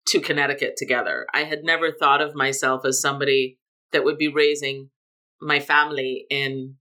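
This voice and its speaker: A middle-aged woman from Jamaica, a guest telling her story in a relaxed interview, with emphatic lifts on key words. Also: a bass voice, moderate pace. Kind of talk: casual conversational interview.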